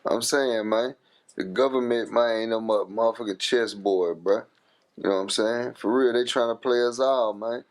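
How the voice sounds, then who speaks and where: A man's voice: medium pitch, normal speed. A man on a loose group podcast, telling his friends how things really work. He circles back to the same points and keeps repeating himself, his talk thick with swearing. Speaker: podcast co-host. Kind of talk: casual group chat.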